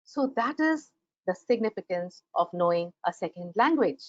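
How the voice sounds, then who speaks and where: A woman's voice: mid-range voice, normal speed, no echo, dull audio. A woman with an Indian English accent giving a grammar webinar lecture, acting out example sentences as she talks. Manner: animated, acts out example sentences. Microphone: computer microphone on a video call.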